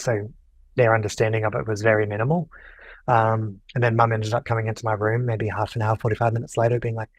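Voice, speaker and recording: A man's voice: on the low side, dry recording, rough recording. A young man, guest on a podcast, telling a personal story casually and acting out quoted lines. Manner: animated, acts out quoted dialogue.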